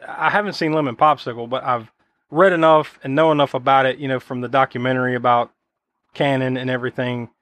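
A man's voice: mid-range voice, fairly even intonation, fast talker, fairly bright tone, no echo. A man hosting a podcast, chatting casually about a film in a rambling, profane way full of fillers. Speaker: podcast host.

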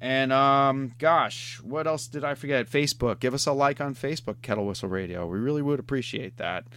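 A man's voice: mid-range voice, fairly quick, a bit bright, clean tone. Middle-aged guy hosting a podcast, easygoing and rambly, medium voice. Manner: rambling, laid-back, says "man" a lot. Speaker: podcast host. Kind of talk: casual podcast chat.

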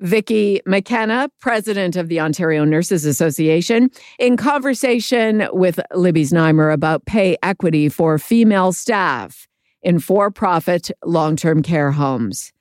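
A woman presents a radio show, reading scripted links in a measured, clear way. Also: on the low side, animated, darkish tone, no echo, studio quality. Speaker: radio host.

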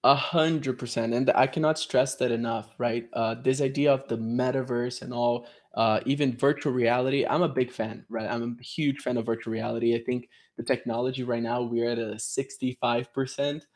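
A man's voice: mid-range voice, steady tone, normal speed, few pauses. A man explaining his work over a video call, enthusiastic, laughing often and peppering his talk with "you know". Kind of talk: casual explanatory chat.

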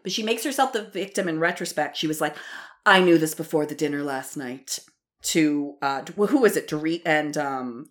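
A worked-up woman talking in a casual chat, her pitch swinging widely as she rants. She swears freely and mimics other people's lines. She is wired from coffee. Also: animated, normal speed. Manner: heated, swears freely, acts out quotes. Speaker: podcast co-host. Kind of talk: casual reality-TV recap chat.

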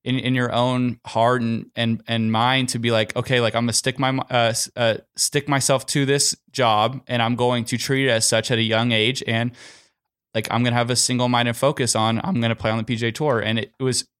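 A man's voice: medium pitch, level tone, a little fast, a bit bright, smooth. A young man, a pro golfer and podcast guest, telling a story in a casual, rambling way, packed with "like" and "you know".

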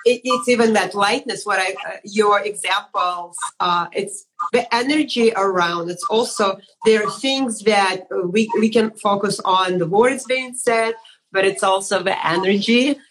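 A woman's voice: medium pitch, measured pace, a bit bright, slight background noise, poor audio. A woman hosting an interview, affirming her guest and rambling through restarts as she thinks aloud. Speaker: host. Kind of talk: interview conversation.

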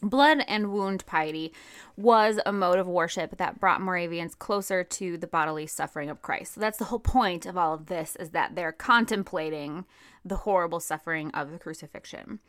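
A woman's voice: fairly low pitch, moderate pace, fairly bright tone, dry recording. A woman co-hosting a history podcast, reading quotes and explaining them in a casual, conversational way. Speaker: podcast co-host.

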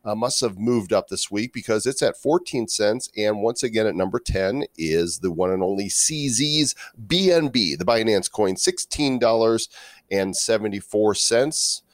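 Guy cohosting a crypto podcast, lowish voice, dry close sound, jokey. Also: animated, no room sound. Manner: playful, reads prices in a quick run. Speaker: podcast co-host. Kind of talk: casual crypto podcast banter.

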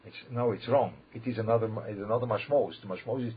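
A man teaching a Torah lesson as a rabbi, emphatic and repetitive, with sudden loud bursts when he quotes the verses. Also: fairly low pitch, fast, few pauses, husky. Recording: dull lo-fi recording with faint background noise.

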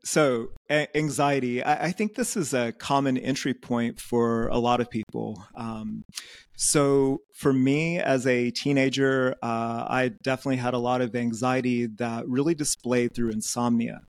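Male interview guest, mid pitch, measured storyteller, dry close recording. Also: steady tone, no echo. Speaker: podcast guest, yoga teacher. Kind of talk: casual interview talk. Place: Netherlands.

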